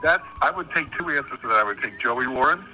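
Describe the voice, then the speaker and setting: A man's voice: mid-range voice, expressive, quick pace, sharp tone. A man calling in to a radio show, playfully running a guessing game of one-syllable impressions. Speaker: caller. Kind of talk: phone-in game. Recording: phone line.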